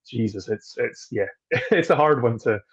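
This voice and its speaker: A man's voice: mid-range voice, expressive, normal speed, slightly rough, highs cut off. A man, a distillery trade guest chatting casually on a video call, talking freely with restarts and frequent laughs. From Scotland.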